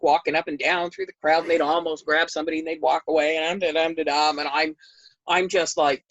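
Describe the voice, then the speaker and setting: A woman guest in an interview, telling a story in a conversational way and acting out the quoted dialogue with big jumps in pitch. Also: dry recording, muffled recording. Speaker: interview guest recounting history.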